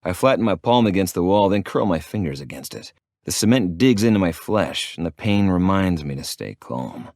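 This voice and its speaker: A man narrates a first-person audiobook in a gruff, profane way. His voice is very low. The recording is dry and close, with no room echo. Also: lively intonation, moderate pace, darkish tone.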